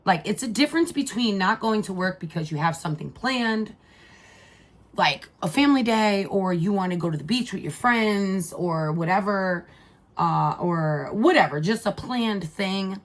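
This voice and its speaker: A woman's voice: medium pitch, a little slow. A middle-aged woman telling a family story in a casual vlog, rambling and heartfelt, with many fillers and restarts. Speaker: mother and vlogger.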